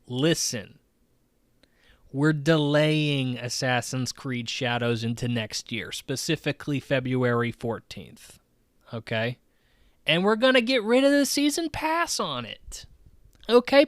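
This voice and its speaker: A man doing a comic impression of a breezy middle-aged male company boss who smooths everything over. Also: a little high, expressive, measured pace, dry recording, clean studio sound. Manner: glib, reassuring, repeats "okay".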